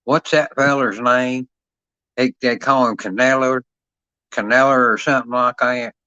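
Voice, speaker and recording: A man's voice: medium pitch, steady tone, a little slow, pushed and bright, smooth, dry recording. A man voicing a folksy, simple rural hick who drawls and repeats himself. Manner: drawling, repetitive country talk. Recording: dull lo-fi sound.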